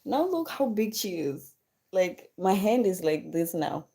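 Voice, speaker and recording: A woman's voice: medium pitch, big pitch swings, measured pace, warm tone, husky. A woman chatting casually on a live stream about being a mother. She repeats words for emphasis and thanks viewers by name. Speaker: livestream host and mother.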